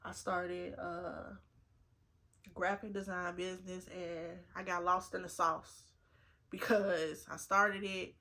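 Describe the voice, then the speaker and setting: Bright-voiced woman in her twenties, unhurried. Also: on the low side, little pitch movement. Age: 20s. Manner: earnest, emotional, repeats herself for emphasis. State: holding back tears. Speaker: vlogger. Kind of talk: casual get-ready-with-me chat.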